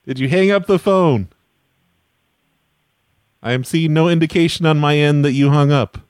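A man hosting a prank call show, calm, dry and mocking as he teases an angry caller. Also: fairly high pitch, moderate pace, clear, resonant tone, no echo.

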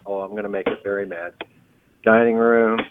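A man's voice: on the low side, fairly even intonation, moderate pace, background noise. A man on the phone, answering patiently and plainly, often hesitating with fillers. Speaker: call recipient. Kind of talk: phone conversation. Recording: tinny phone line.

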